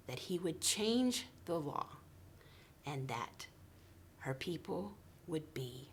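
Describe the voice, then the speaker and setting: A woman preschool teacher telling a story to young children, slow and expressive, often dropping into soft whispers. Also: on the low side, husky.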